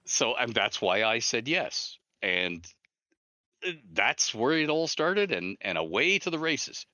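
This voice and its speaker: A man being interviewed as an author and game designer, telling stories in an animated way and acting out the dialogue. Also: mid-range voice, a little slow, no echo. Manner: animated storyteller who acts out dialogue. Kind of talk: interview storytelling.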